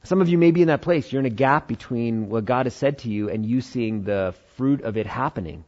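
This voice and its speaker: A man's voice: mid-range voice, fairly quick, a little mellow, highs cut off. A man preaching a conversational sermon, acting out Bible dialogue in changing voices. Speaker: pastor.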